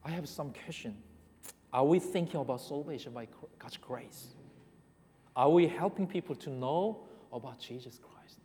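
A man with a Korean accent giving a sermon, talking in a halting way that restarts and repeats words and putting questions to the congregation. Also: a little high, dark tone. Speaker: preacher. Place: church hall. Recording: reverberant hall.

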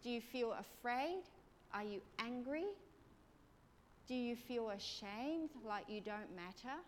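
A woman preacher leading a congregation through a gentle guided prayer meditation, asking soft questions. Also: a little high, animated, slow. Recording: long reverb of a large hall, faint noise.

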